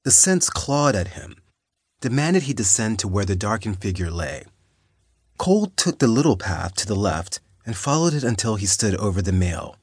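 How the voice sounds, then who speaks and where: A man narrating an audiobook in a steady, measured storytelling manner. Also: lowish voice, slightly rough, no echo, studio quality. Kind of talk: scripted narration.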